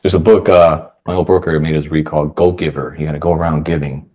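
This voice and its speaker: A man's voice: extremely low pitch, fairly even intonation, fast, darkish tone. A man hosting a podcast, chatting casually and telling stories, often acting out what others said. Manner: chatty storyteller who acts out quoted voices. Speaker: podcast host. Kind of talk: casual conversation.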